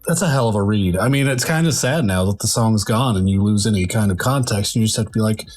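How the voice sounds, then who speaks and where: Male podcast co-host, lowish husky voice, relaxed, brief reactions. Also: fast, soft background music. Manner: laid-back, short reactions. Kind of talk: casual chat about music.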